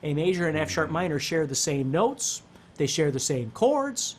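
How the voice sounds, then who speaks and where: A man's voice: on the high side, big pitch swings, moderate pace, a little hiss or hum. Man teaching guitar, checking in often. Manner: explanatory, checks in with "okay?" and "right?". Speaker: guitar instructor. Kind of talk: casual guitar lesson. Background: guitar playing.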